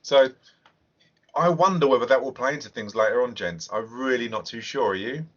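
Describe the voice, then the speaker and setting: A man hosting a podcast, chatting casually about a film in a rambling, animated way and swearing freely. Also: medium pitch, fairly quick. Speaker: podcast host. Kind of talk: casual film review chat. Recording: muffled podcast audio.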